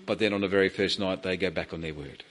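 A man preaching a sermon in a church, animated and rising in pitch as he acts out the pleas in the passage. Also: fast.

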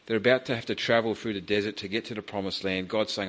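In a church, a man preaches a sermon at a brisk pace. He grows animated, his pitch rising as he acts out the pleas in the passage.

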